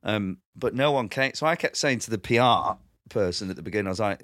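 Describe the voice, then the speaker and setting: A man's voice: fairly low pitch, fast, few pauses, dry recording, clean studio sound. A man, telling stand-up stories in a casual podcast chat, acting out quotes and laughing often. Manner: animated storyteller, acts out quotes, laughs often. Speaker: comedian guest.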